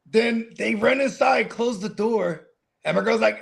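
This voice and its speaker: A young man co-hosting a football watch party, telling animated stories in casual chat and swearing freely. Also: high-pitched, normal speed, creaky.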